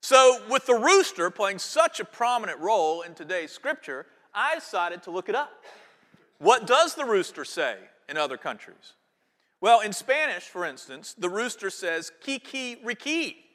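A pastor giving a conversational sermon in church, with casual fillers and restarts. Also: male voice, high voice, big pitch swings, normal speed, a bit bright. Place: church sanctuary. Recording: long church hall reverb.

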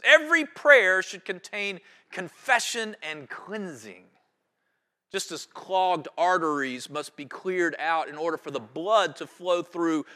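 A male pastor preaching a sermon, building phrases in rhythmic waves that swell loud and then drop low. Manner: rhythmic preaching with sweeping rises and drops in volume.

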